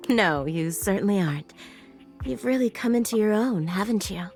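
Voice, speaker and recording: A woman plays a doting motherly bed in a video game, fond and gently teasing. The voice sits in a middle pitch and has an easy, affectionate tone. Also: expressive, moderate pace, faint music behind, close to an everyday voice.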